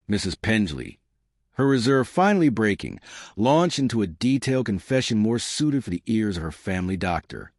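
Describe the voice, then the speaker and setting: A man narrates a classic detective story with a low voice. His pitch rises and falls expressively. The read is dry and close. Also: very animated, moderate pace, darkish tone, no echo. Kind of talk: audiobook narration.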